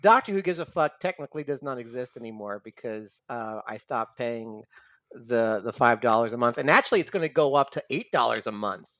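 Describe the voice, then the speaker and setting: A man hosting a casual podcast, talking bluntly with casual swearing and plenty of halting restarts. His pitch moves a lot, and the recording is dry and close. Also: lively intonation, a bit bright, no echo. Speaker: podcast host.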